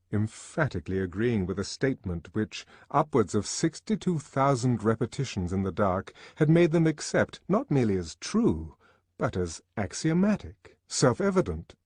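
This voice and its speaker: A man narrating an audiobook in a measured, expressive reading. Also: on the low side, slightly rough, no room sound. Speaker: audiobook reader.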